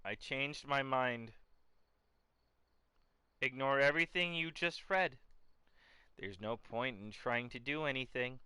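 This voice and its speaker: A man reading out a timid girl's letter, pleading at first and then sinking into a flat, quiet murmur. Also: mid-range voice, slow pace, long pauses, smooth, dry recording, voice pushed down. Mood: hollow. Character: timid girl sinking into a hollow whisper.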